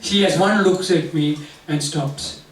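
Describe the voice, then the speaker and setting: Older Sri comic, self-mocking storyteller, high-ish voice, distant roomy live sound. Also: male voice, unhurried, soft background music. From Sri Lanka. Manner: self-mocking, wry, building to punchlines. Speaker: comedian. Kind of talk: stand-up storytelling. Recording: roomy, distant mic, noisy venue.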